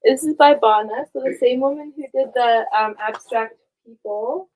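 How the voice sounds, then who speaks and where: Brisk woman reading out auction lots. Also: a little high, darkish tone, poor audio. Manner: brisk, reads out pieces and opening bids. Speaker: auction host. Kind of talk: live auction patter.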